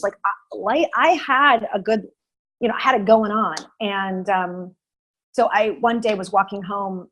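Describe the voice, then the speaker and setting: Husky woman telling a story. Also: mid-range voice, rough recording. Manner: animated, many fillers and restarts. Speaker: guest. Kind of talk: casual interview storytelling.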